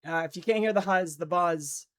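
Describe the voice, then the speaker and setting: A drowsy livestream host who sounds like they just woke up, mixing casual chat with viewers and news read-outs. They stumble and restart sentences when they slip. The voice sits at an average pitch and comes through a noise-cancelled streaming mic. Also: moderate pace, smooth. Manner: groggy, restarts lines after slips. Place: indoor streaming setup in Los Angeles.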